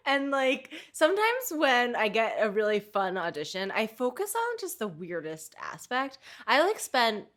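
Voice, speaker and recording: A woman's voice: a little high, wildly swooping pitch, unhurried, hardly any pauses, a bit bright. A woman hosting a podcast, chatty and self-deprecating, laughing often. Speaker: podcast host. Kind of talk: casual chat.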